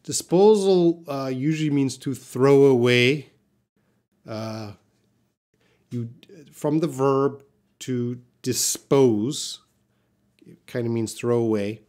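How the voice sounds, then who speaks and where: Man, English teacher, live class, slow patient explanations, unhurried pace, mid-range voice. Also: medium pitch, a little mellow. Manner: reads viewer questions aloud. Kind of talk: live-stream English class answering chat.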